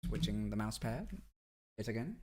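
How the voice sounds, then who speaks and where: A man's voice: lowish voice, big pitch swings, normal speed, dark tone, a little hiss or hum. A young man streaming, chatting casually in a loose, joking way full of fillers and asides. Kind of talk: casual rambling livestream chat.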